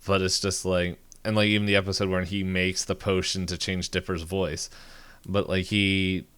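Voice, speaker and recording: A man's voice: low-pitched, flat delivery, moderate pace, a bit bright, clear, resonant tone. A man co-hosting a podcast, talking casually and rambling with lots of filler words and restarts. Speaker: podcast co-host. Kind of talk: casual chat.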